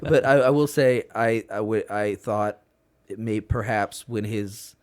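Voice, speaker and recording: A man with a lowish voice chats on a podcast. He jokes crudely and spins stories with a loose, casual delivery. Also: fairly even intonation, a little slow, clear, resonant tone. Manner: joking, crude, tells stories with put-on voices. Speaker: podcast host. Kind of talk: casual comedic chat.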